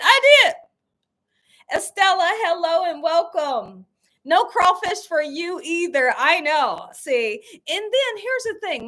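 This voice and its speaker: A woman's voice: high voice, pushed and bright. A woman hosting a cooking channel live stream, chatting casually with viewers, reading their comments aloud and laughing often. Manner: laughs often, emphatic and playful.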